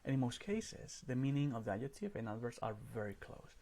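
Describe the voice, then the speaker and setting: A man's voice: medium pitch, big pitch swings, a little fast, warm tone. A man teaching a recorded grammar lesson over slides, explaining step by step and often checking in with "right?".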